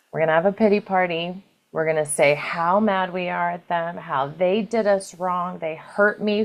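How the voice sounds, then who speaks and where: Slow gravelly-voiced woman guiding tapping. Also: fairly low pitch. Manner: slow, gentle, repetitive guiding with tapping cues. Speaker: EFT tapping guide. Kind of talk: guided tapping session.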